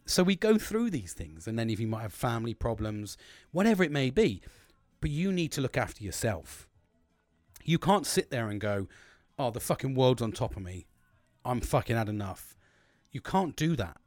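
A man's voice: medium pitch, no echo. A British man talking candidly to camera in a rambling, heavily sworn monologue that turns emphatic when he gives advice. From United Kingdom. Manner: blunt, sweary and rambling, with frequent restarts; gets emphatic and preachy when giving advice. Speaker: vlogger.

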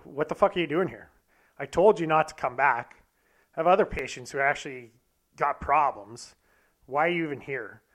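A man's voice: a little high, moderate pace, fairly bright tone, lightly acted. A man putting on the voice of a blunt, exasperated male doctor in a story he tells. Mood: annoyed. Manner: blunt, dismissive.

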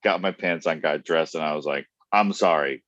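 A man's voice: a bass voice, fairly even intonation, fairly quick, fairly bright tone, dry recording, highs cut off. A man telling blunt, profane stories with frequent laughs in a casual podcast chat. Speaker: podcast guest.

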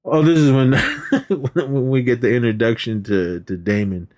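Guy on a movie podcast, keeps cracking up, does squeaky voices for the quotes. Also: a little slow, darkish tone. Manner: laughs constantly, acts out quotes in a high voice. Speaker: podcast co-host. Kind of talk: casual movie recap chat.

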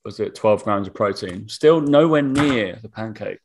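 Man, young adult, easygoing, laughs often, fairly low voice. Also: expressive, moderate pace, darkish tone. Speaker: co-host. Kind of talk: casual chat.

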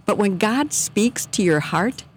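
A middle-aged woman telling a personal faith story in casual, earnest talk, animated when she quotes her own thoughts. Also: mid-range voice, a little slow, a little hiss or hum.

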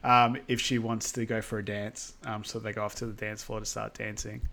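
A man co-hosts a podcast, casually recapping a film in a rambling way, full of ums and likes, and he quotes characters' lines. His voice sits fairly low and comes out a little fast, gravelly, pushed and bright, with a level tone.

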